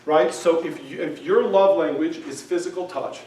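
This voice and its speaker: A man's voice: fairly high pitch, moderate pace, dark tone, slight background noise. A man giving a casual lecture to a class, talking in a conversational way and often checking in with his listeners. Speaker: class teacher. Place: synagogue hall. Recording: echoey room, mic far off.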